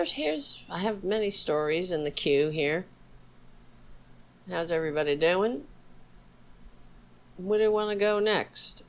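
A woman's voice: on the low side, vocal fry, a bit bright, low-quality recording. A woman hosting a casual political livestream, sarcastic and profane, chatting to her dog between topics. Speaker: livestream host.

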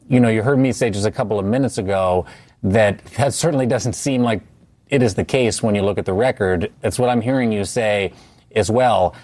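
A man hosting an interview, measured and polished as he steers the conversation. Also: mid-range voice, a little mellow, no echo. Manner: measured, polished host phrasing. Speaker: host. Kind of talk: broadcast interview.

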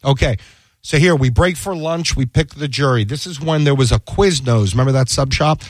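A man's voice: medium pitch, normal speed, no room sound. A man who works as a defense attorney, telling a courtroom story in a casual chat and acting out the quoted dialogue. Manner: animated, acts out quoted dialogue.

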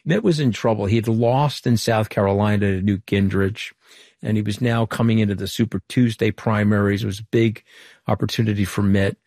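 A middle-aged man from Long Island, a former political communications director, answering interview questions in a brisk storytelling way full of quoted dialogue. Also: lowish voice, steady tone, a little mellow, no room sound, studio quality. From Long Island, New York.

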